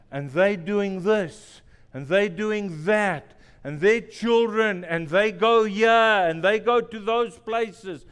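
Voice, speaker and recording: A man's voice: high voice, smooth, big-room sound. A male pastor preaching a sermon in a church, telling stories with self-deprecating humor and repeating phrases for emphasis. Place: church sanctuary.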